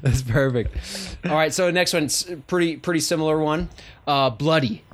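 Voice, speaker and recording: A man's voice: on the high side, normal speed, a bit bright. A man co-hosting a gaming podcast, quizzing his friends in a playful, casual chat and laughing often. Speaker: podcast co-host.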